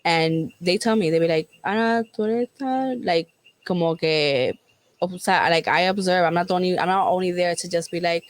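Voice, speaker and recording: A woman's voice: fairly low pitch, moderate pace, no echo. A young woman with a Puerto Rican accent chatting casually with her sister, giggly and blunt, swearing freely. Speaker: co-host. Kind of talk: casual chat between sisters.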